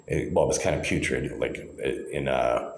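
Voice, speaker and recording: A man's voice: a bass voice, normal speed, a little hiss or hum. A man talking alone to the camera in a rambling monologue, firing repeated rhetorical questions and tagging his points with "right?". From Canada. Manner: repetitive, insistent rhetorical questions, trailing "right?". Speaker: video blogger. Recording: echoey room.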